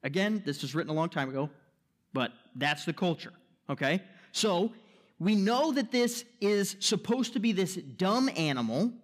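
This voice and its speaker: A man's voice: sits high, lively intonation, normal speed. A man preaching a sermon as pastor, emphatic, posing rhetorical questions and checking in with the listeners. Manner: checks in with "right?" and "okay?".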